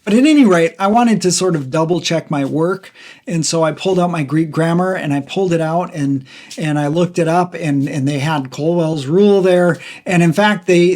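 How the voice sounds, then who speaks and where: A man's voice: fairly high pitch, a little mellow. A man hosting a Bible study podcast, teaching in a casual, conversational way with frequent fillers and restarts.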